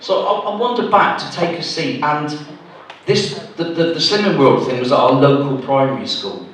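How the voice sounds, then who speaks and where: Middle-aged Gloucestershire comic, self-mocking and rambling, a touch high, echoey hall heard from afar. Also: male voice, normal speed, a little hiss or hum. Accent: Gloucestershire English. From Gloucester, England. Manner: self-deprecating, rambling with restarts. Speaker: stand-up comedian. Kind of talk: stand-up routine. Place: village hall stage. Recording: very echoey hall, mic from a distance.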